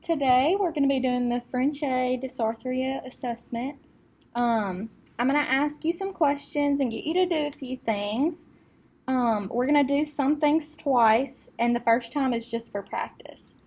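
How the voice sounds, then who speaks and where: A woman acting as speech clinician, giving calm step-by-step test instructions with occasional fillers. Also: high-pitched, measured pace, breathy edge.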